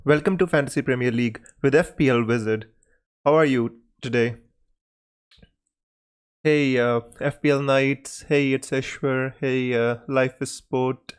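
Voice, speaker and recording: A man hosting a casual live stream Q&A, greeting viewers by name and talking in a hesitant, pausing way. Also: medium pitch, fairly even intonation, smooth.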